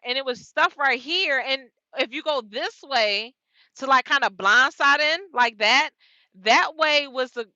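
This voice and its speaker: A young woman, telling a casual story about her trucking day in an animated, slangy way, laughing often. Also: fairly high pitch, dry recording, highs cut off. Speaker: truck driver vlogger.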